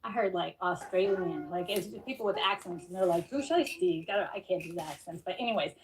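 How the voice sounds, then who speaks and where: A woman's voice: fairly low pitch, fast talker. Chatty woman, slightly distant mic. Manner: chatty and rambling, many fillers. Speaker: criminal defense attorney, commentator. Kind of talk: casual commentary on a news story.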